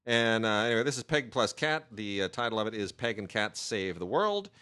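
A man with a voice a little on the low side talks casually about new home video releases. His delivery is chatty and rambling, often stopping for filler sounds before he finds his point. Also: lively intonation, brisk, sharp tone. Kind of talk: casual chat.

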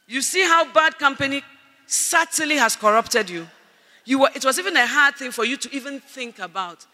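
A man preaching a sermon at a conference, speaking emphatically, shouting at his peaks and calling out for Amen. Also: very high-pitched. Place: large conference hall. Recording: echoey hall reverb.

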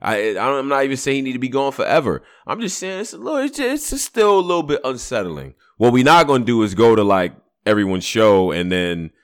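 A man's voice: mid-range voice, fast, few pauses, clean tone. A man co-hosting a casual podcast chat, talking emphatically with frequent swearing. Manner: animated, emphatic, swears freely.

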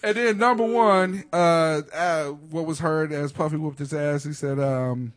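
A man's voice: fairly high pitch, fairly even intonation, a little slow, crowd noise. A man co-hosting a casual comedy chat, laughing often and joking with friends. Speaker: podcast co-host.

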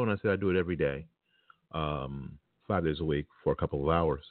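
A very low-pitched man talks straight to his audience in a blunt, opinionated, casual monologue. The sound comes through a tinny, phone-like line and is dry and close, with no room echo. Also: fairly even intonation, quick pace. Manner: blunt and opinionated, speaks directly to listeners. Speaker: podcast talk-show host.

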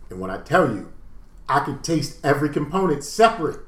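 A man's voice: on the high side, fairly quick. Man co-hosting a podcast, echoey room. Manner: animated storytelling, swearing freely. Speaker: podcast co-host. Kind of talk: casual chat.

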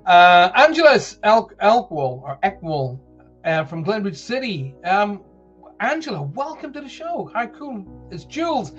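A man with a softened Northern Irish accent, hosting a live show and chatting warmly to viewers as he reads out their messages. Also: sits high, sing-song, measured pace, husky, lo-fi sound, faint music behind. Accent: soft Northern Irish. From Northern Ireland. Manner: chatty, rambling, reads messages aloud with put-on voices. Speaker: host of a live call-in show.

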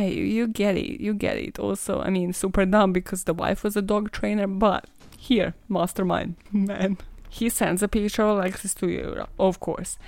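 A woman hosting a podcast with a gravelly fry, recounting a true-crime case in a loose, sarcastic, foul-mouthed way. Her voice sits at a middle pitch and sounds dry and close, with no room around it. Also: no room sound. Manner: profane, sarcastic, laughs often. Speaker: podcast host. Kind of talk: casual true-crime storytelling.

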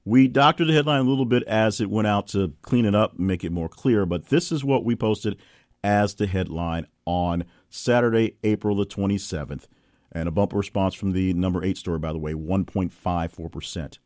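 A man's voice: deep voice, normal speed, darkish tone, dry recording, studio quality. A male podcast host reading news headlines and adding wry, playful asides. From Southern US.

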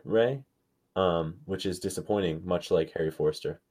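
Sarcastic man with a deep voice. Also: a little fast, darkish tone. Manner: sarcastic, joking, mock-exasperated. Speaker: podcast co-host. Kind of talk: casual sports podcast chat.

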